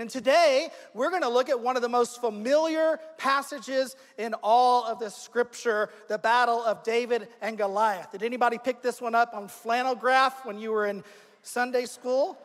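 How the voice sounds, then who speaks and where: A man's voice: extremely high pitch, fairly bright tone. A man, the pastor hosting the service, introducing the sermon and a guest speaker in an upbeat, welcoming manner. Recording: long hall reverb.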